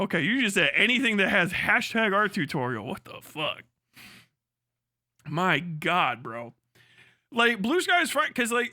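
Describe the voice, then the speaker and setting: A man's voice: sits high, dry recording, clean studio sound. A man streaming casually, ranting with lots of swearing and laughter, and mimicking voices he mocks. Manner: animated, profane, quick to laugh, mimics voices. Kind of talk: casual livestream rant.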